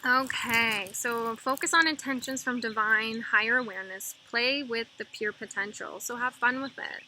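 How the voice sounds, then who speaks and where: Woman, spiritual energy reader, very bright and high-ish voice, chatty and rambling, faint hiss behind. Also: moderate pace, rough recording. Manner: rambling, filler-heavy; soft repetitive mantra chanting. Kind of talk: casual spiritual monologue.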